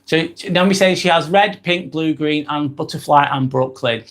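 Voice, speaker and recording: Live-stream host: English man, somewhat high voice, casual and rambling. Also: moderate pace, a bit bright. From England. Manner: rambling, repeats himself, frequent ums. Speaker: live vlog host reading chat.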